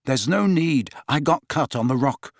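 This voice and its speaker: An anxious teenage boy wizard, read by a man, breathless and urgent as he reassures someone. His words come quick and pleading, pitched higher than a grown man's. The sound is dry and close. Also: big pitch swings, fairly bright tone, slightly rough, no room sound, full character voice. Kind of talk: audiobook character reading.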